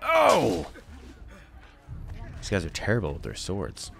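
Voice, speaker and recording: A man's voice: low-pitched, wildly swooping pitch, slow pace, vocal fry, fairly bright tone. A young man chatting casually and jokily as he plays through a video game. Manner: chatty, rambling, jokey. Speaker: gaming channel host. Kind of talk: casual let's-play commentary.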